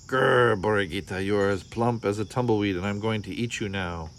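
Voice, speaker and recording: A hungry, gullible coyote who growls his threats, as a male storyteller acts him out. The voice sits low in pitch. Faint crickets sound in the background. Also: brisk, a little hiss or hum, close to an everyday voice. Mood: menacing.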